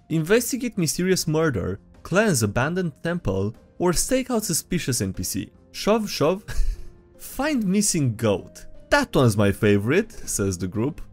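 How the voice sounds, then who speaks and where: A man's voice: fairly high pitch, wildly swooping pitch, moderate pace, few pauses, darkish tone, faint music behind. A man hosting a video, reading and reacting to tabletop game memes in playful, casual commentary and laughing often.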